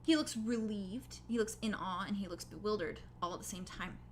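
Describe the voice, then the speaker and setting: A woman's voice: mid-range voice, moderate pace, a little hiss or hum. A young woman narrating a tabletop game as game master, casual, with lots of fillers.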